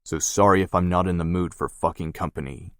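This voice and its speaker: A man voicing a gruff, guarded young male tattoo artist who talks curtly and swears. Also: deep voice, fairly even intonation, brisk, no echo, studio quality, natural voice. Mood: irritated. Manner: curt, swearing.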